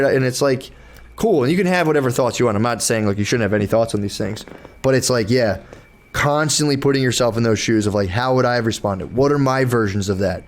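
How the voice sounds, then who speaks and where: A man's voice: medium pitch, fast. A young man hosting a podcast, talking loosely with many restarts and curse words, acting out inner thoughts as he explains. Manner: loose, rambling, profane, with frequent restarts and acted-out inner dialogue. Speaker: podcast host. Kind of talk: casual podcast chat.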